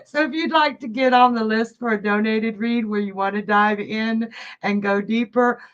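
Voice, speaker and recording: A woman's voice: on the high side, steady tone, normal speed, lo-fi sound. A woman hosting a live psychic stream, chatting bubbly with viewers and laughing often. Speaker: psychic hostess. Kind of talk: live-stream chat reading viewer comments.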